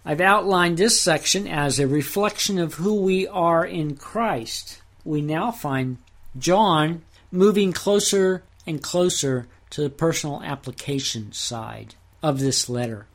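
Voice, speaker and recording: A man teaching Bible Greek grammar on a podcast, reading verses slowly and deliberately. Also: a little high.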